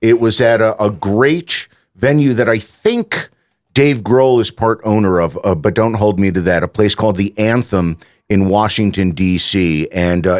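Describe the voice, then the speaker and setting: A man guesting in a radio studio, telling animated stories with quick asides and frequent laughs. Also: fairly low pitch. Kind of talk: casual radio chat. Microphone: studio microphone.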